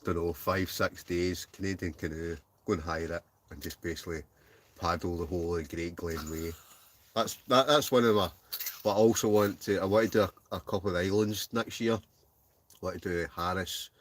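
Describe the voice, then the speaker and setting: A man's voice: low voice, moderate pace, slight background noise. A Scottish man in his forties hosting a live stream from a tent, bantering and reading out viewer comments. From Scotland. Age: 40s. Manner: banter, reads out viewer comments, laughs often. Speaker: host.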